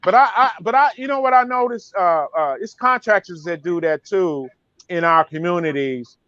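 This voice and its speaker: This is a man with a high-pitched voice. He co-hosts a talk show and speaks to his listeners directly, in a preachy way. The recording is dry and dull. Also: normal speed, pushed and bright, no room sound. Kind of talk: casual talk show discussion.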